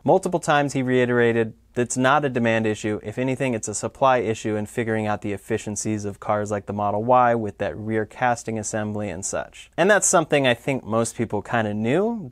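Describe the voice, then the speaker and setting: Male YouTuber, casual recap with personal asides, mid pitch, dry close recording. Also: no echo. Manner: conversational, adds personal asides. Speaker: tech YouTuber summarizing earnings news. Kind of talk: casual spoken commentary. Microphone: dedicated microphone.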